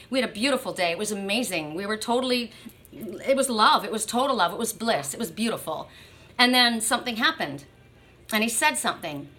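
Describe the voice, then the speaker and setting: A woman with a bright, forceful voice gives a spiritual card reading straight to her listeners. She talks emphatically, circles back on her own phrases, and keeps checking in with a quick "right?". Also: a little high. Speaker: oracle card reader.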